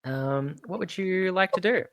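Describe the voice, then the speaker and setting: A woman narrating a tabletop game as game master in a relaxed, casual way. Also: on the low side, measured pace, dry recording.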